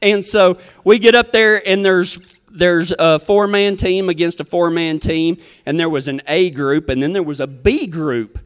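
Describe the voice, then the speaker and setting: A man's voice: sits high, measured pace, clear, resonant tone, in a large hall. A man telling a comic story in a folksy, rambling, self-deprecating way.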